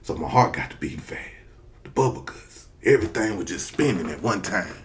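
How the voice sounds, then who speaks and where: A man telling a comic story from his childhood, profane and animated, acting out the people in it. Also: low-pitched, a little fast, slight background noise. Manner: profane, animated, acts out characters. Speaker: comedian storyteller.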